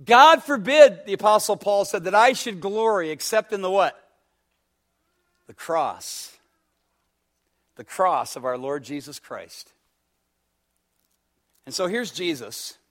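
A man's voice: high-pitched, slow pace, long pauses. A man preaching a sermon as pastor, pressing his listeners with repeated rhetorical questions and acting out a story in quoted dialogue.

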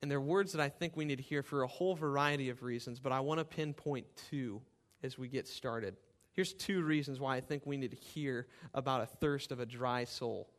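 A man preaching a sermon, reading scripture with fervent, rising emphasis and then explaining it to his church. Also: normal speed. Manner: impassioned scripture reading, rising in pitch and volume. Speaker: pastor.

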